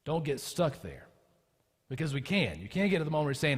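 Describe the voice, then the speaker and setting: Man, pastor, sermon, conversational then fervent, slightly high pitch, reverberant hall. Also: lively intonation, quick pace, a little mellow, breathy edge. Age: adult with children. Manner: conversational, building to impassioned emphasis. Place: church.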